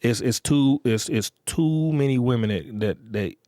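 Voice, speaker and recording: A man's voice: medium pitch, lively intonation, unhurried, dark tone, no room sound, clean studio sound. Rambling, profane male podcast host. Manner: rambling, profane, repeats "you get what I'm saying". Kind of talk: casual monologue.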